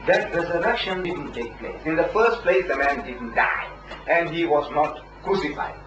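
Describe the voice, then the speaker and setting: An emphatic man argues his point in a heated debate, his voice pitched a little high. He sounds far from the mic in a reverberant room. The old recording is dull and carries steady background noise. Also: moderate pace. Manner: emphatic and argumentative. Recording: echoey, distant, dull and noisy old recording.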